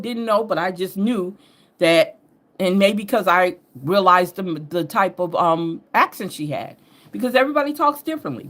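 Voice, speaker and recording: A woman host originally from New York talks in a loose, rambling way, her speech softened by a Southern drawl. Her pitch rises and falls a lot, and she laughs and corrects herself as she goes. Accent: Southern US drawl over an upstate New York base. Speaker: host and astrology reader. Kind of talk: casual rambling chat.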